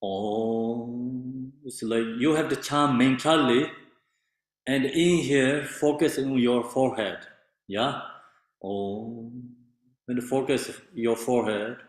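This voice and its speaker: A man teaching meditation in halting non-native English with many fillers, explaining patiently. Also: medium pitch. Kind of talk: meditation instruction. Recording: very echoey room.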